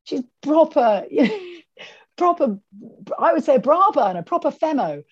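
Speaking in a high voice at a moderate pace, a female author guests on a podcast interview over a video call. She tells stories animatedly and imitates the voices of the people she quotes. The sound is lo-fi with no echo.

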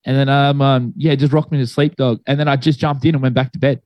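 A man's voice: medium pitch, little pitch movement, fast talker, no room sound, dull audio. A young man telling a long story in casual chat, rambling and laid-back with many fillers.

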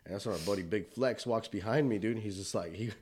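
A man's voice: lowish voice, quick pace, a little mellow, husky. A man casually telling a profane bar story, acting out the voices of the people in it.

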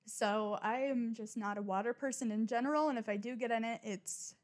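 A young woman with a somewhat high voice in an unscripted confessional monologue. She rambles from one point to the next, speaks bluntly, and swears freely while making fun of herself. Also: a little fast. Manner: rambling, blunt, frequent swearing and self-mockery. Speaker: podcast host.

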